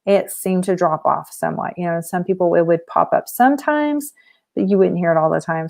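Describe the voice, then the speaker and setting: A woman's voice: on the low side, moderate pace, gravelly. Chatty Texan woman in her forties. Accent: Texan Southern. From Texas. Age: 40s. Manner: chatty and upbeat, with many ums and restarts. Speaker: life coach. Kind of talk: casual live-stream chat.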